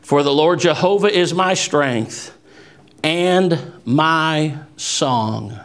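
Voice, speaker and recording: A preacher man with a high, bright, ringing voice delivers an impassioned sermon. He quotes scripture and swings between hushed, low passages and shouted, soaring declarations. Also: drawn-out words. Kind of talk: fervent sermon.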